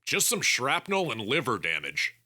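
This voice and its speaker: A man's voice: medium pitch, huge pitch swings, moderate pace, bright, forceful tone, pitched above the performer's own voice, full character voice. A man voicing a wry young male captive who bluffs and jokes under threat. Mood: bluffing. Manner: sarcastic, bluffing.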